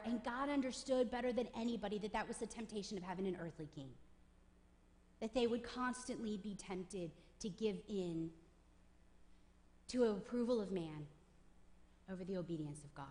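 A woman preaching a sermon with emphatic delivery, building to forceful peaks on repeated phrases. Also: mid-range voice. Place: church sanctuary. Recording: long church reverb.

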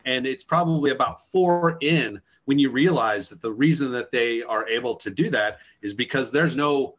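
A man's voice: mid-range voice, moderate pace, a bit bright. A man on a comedy panel telling a meandering anecdote with dry asides. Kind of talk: improvised comedy chat.

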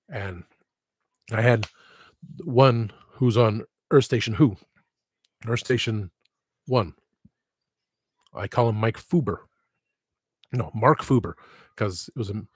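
Husky-voiced man rambling on a livestream. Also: on the low side, no echo, clean studio sound. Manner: rambling, frank, swears freely. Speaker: livestream podcast host. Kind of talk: casual rambling livestream chat.

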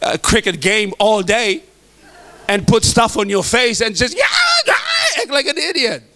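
A man's voice: high voice, animated, a little slow, bright, forceful tone, shouting, a little hiss or hum. A middle-aged man preaching a sermon to the men, emphatic and joking. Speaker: pastor.

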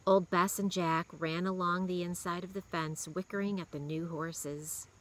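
A woman reading a children's novel aloud in a steady, expressive way. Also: fairly low pitch, normal speed, low-quality recording. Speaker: reader.

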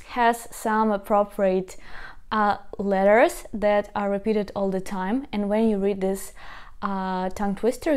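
A young woman speaks English with a Ukrainian accent, unhurried and deliberate. She leads a pronunciation lesson, reading each phrase carefully before speeding up. Her voice sits at a moderate pitch. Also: a little mellow. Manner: reads tongue twisters slowly then faster and faster. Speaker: language teacher.

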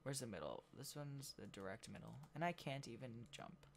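A gameplay video host giving casual commentary while building, thinking out loud and trailing off mid-sentence. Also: mid-range voice, expressive, moderate pace, gravelly, a little hiss or hum.

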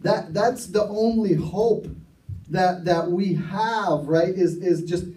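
A man's voice: high voice, slow pace, dark tone. A man preaching a sermon at a recovery ministry, telling a story earnestly and often restarting his sentences. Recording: echoey room, mic far off.

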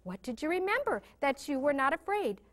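A woman voicing a gentle, caring mother who asks her son questions in a children's story. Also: sits high, big pitch swings, brisk.

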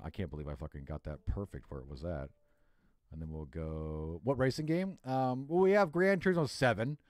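A man's voice: very deep voice, warm tone. A man livestreaming on a headset, thinking aloud as he works and swearing freely. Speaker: streamer. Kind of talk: casual livestream chat while working.

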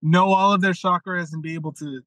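Animated, swearing male storyteller. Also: high voice, a little fast, no room sound, poor audio. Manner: animated storyteller, swears freely, acts out quotes. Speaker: masculine leadership mentor, guest. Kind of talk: casual podcast conversation.

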